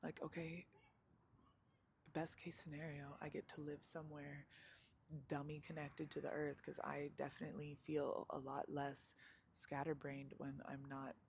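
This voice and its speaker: A woman's voice: deep voice, monotone, measured pace, darkish tone, slight background noise. A young woman vlogging live outdoors in a chatty, slangy, self-mocking way, laughing often. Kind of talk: casual live vlog chat.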